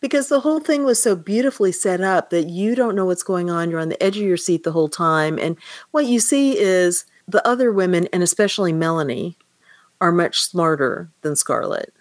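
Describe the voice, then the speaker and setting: A woman's voice: lowish voice, expressive, moderate pace, no room sound. A woman hosting a podcast, chatting casually and with amusement about a novel and reading passages aloud. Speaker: podcast host. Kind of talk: casual book discussion.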